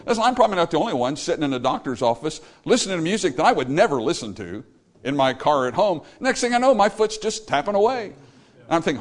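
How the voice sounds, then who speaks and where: A man's voice: fairly high pitch, big pitch swings, quick pace. A man preaching a sermon, talking straight to his listeners with emphasis, and sometimes singing a short phrase as an example. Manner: emphatic, talks straight to the congregation. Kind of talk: sermon on music.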